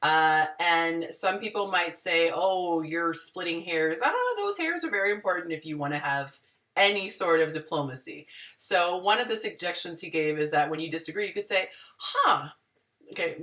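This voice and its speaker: A woman hosting a casual group video call, telling stories with a lively, self-mocking energy. Her low-set voice is bright and sharp-edged and moves all over the place, and she sounds a little far from her mic. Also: a little fast. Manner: animated, self-deprecating storyteller with acted-out quotes. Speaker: host.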